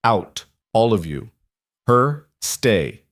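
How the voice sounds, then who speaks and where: A man doing a wrecked, rasping injured man. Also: on the low side, very animated, no room sound, clean studio sound, exaggerated voice. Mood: commanding. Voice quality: raspy, hoarse. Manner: slow, clipped short orders.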